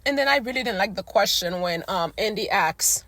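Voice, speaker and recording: A woman's voice: mid-range voice, expressive, brisk, bright, forceful tone, dry recording. A woman ranting casually to her viewers in a blunt, slangy, exasperated way while she is losing her voice. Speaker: recap vlogger. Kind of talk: casual rant to camera.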